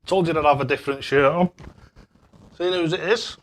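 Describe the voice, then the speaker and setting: This older man's voice is on the high side and a little fast, with some hiss or hum in the audio. Streaming live, he throws darts and reads out viewer messages casually, laughing often and struggling with tricky names.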